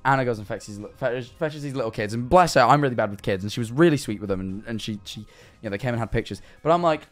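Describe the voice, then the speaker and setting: A young man with an English accent, chatting on a livestream, swearing and bursting into incredulous shouts as he reacts to viewer messages. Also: mid-range voice, fast, faint music behind. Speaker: streamer.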